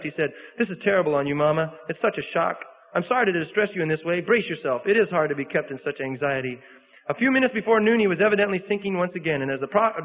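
Male preacher, earnest reader, high voice, tinny phone-like sound with a long hall echo. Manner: earnest, with self-corrections and repeats. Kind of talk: sermon reading an account aloud.

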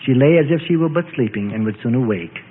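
A man's voice: medium pitch, quick pace. Give me a man narrating a scripture story dramatically, on a tinny, echoey radio recording with faint hiss. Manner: expressive, storytelling delivery.

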